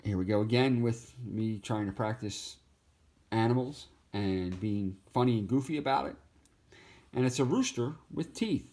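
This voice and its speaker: Speaking at a normal speed in a mid-range voice with a dark tone, an artist casually talks through the pages of his sketchbook. He keeps things easygoing, laughs at his own humor, and jumps into goofy voices.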